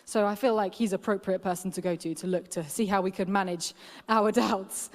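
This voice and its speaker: A woman's voice: on the high side, darkish tone. Chatty woman preaching in a hall. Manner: chatty and humorous, laughs often. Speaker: guest preacher. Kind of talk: casual sermon. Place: church hall. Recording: echoey church hall.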